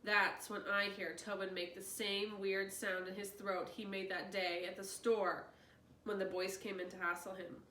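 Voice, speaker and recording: A woman's voice: mid-range voice, a little slow. Woman reading aloud in an echoey room. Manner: expressive, excitable asides. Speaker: reader, channel host. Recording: roomy distant mic, faint noise.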